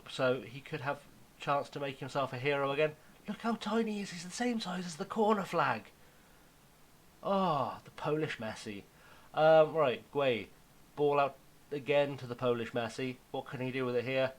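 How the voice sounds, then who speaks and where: A young man giving casual, self-mocking commentary on his football management game, now and then dropping to a hushed aside. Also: medium pitch, low-quality recording. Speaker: gaming YouTuber.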